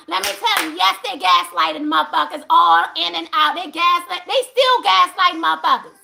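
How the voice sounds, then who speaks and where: Woman, very high voice, bright forceful tone, emphatic, profane, laughing. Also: moderate pace, vocal fry. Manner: profane, animated, laughing often; emphatic preaching to viewers. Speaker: spiritual channel host. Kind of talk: livestream talk to viewers.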